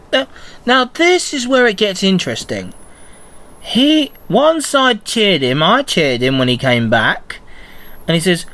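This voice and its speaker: A man hosting a casual solo podcast, recapping in a rambling, excitable fan's manner. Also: fairly high pitch. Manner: rambling, excitable fan chatter. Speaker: podcast host.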